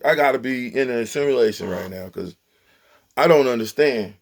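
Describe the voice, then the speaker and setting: A man's voice: mid-range voice, normal speed, vocal fry. A man giving an emphatic, exasperated breakdown of a football game, preaching straight at the players. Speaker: football commentator. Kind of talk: animated sports commentary vlog.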